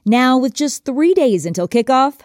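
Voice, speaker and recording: A woman field reporter giving an upbeat, animated on-location news report. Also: high-pitched, moderate pace, no room sound, studio quality. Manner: bubbly, animated.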